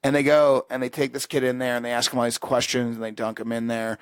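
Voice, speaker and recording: A man hosting a podcast, telling a story in casual chat, profane and animated, acting out the people in it. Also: medium pitch, fast, clear, resonant tone, no echo. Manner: profane, animated storyteller who acts out voices. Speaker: podcast host.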